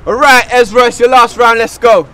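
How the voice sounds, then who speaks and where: A man hosting a street rap battle, calling out the rounds in loud, shouted announcements outdoors. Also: very high-pitched, steady tone, brisk. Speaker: battle host. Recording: loud crowd and street noise, from far off.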